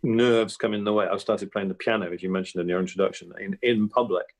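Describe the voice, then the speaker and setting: A man's voice: on the low side, fast. A middle-aged comedian as an interview guest, talking animatedly about his craft and slipping into voices. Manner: animated, jumps into character voices. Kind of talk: podcast interview.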